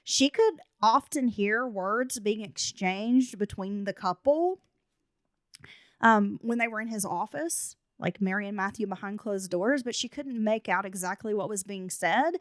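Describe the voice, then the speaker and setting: A woman's voice: mid-range voice, a little slow, no room sound, clean studio sound. A woman hosting a true crime podcast. She narrates the case details and breaks in with blunt, casual asides. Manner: reads case notes, then adds blunt asides. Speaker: podcast host.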